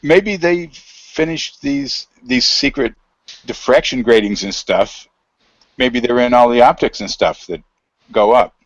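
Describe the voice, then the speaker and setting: A man's voice: medium pitch, unhurried, dry recording, highs cut off. Man, middle-aged, interview guest, casual rambling storyteller, video call audio, dry sound. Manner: rambling, anecdotal, many fillers and quoted dialogue.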